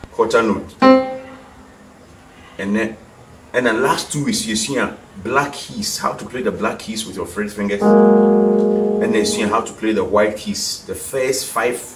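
A man's voice: on the low side, slow pace, pauses often, far from the mic. A man with a Ghanaian accent teaching a piano lesson for TV, repeating terms and quizzing the viewer. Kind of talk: TV music lesson, mixing English and Twi. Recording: echoey room, voice from off the mic. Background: piano notes.

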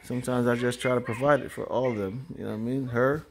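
A man's voice: mid-range voice, fairly even intonation, fast, background noise. An older man in a casual home vlog, talking in a rambling way with lots of "you know" fillers. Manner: rambling, with frequent fillers and tags. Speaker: vlogger.

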